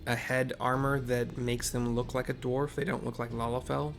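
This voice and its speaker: A man's voice: medium pitch, level tone, moderate pace, creaky, faint music behind. A man casually narrating and describing a game scene, rambling and often correcting himself.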